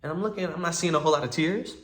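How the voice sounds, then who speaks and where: A man telling a dramatic personal story in a casual, animated way, full of slang and acted-out dialogue. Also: fairly high pitch, racing. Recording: roomy echo.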